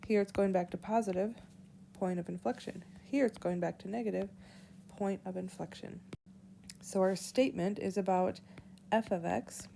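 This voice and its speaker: A woman teacher giving a whiteboard math lesson, walking through each step slowly and aloud. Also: mid-range voice, steady tone, vocal fry, dark tone, a little hiss or hum. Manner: slow, deliberate, walks through steps aloud. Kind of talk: whiteboard lesson explaining calculus.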